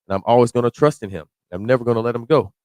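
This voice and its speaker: A man preaching through a psalm verse by verse, close to the mic in a dry, deadened space. He reads the old scripture slowly and deliberately, then breaks it down in loose, slangy everyday talk that sometimes climbs to a shout. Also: medium pitch, dry recording. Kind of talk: verse-by-verse sermon.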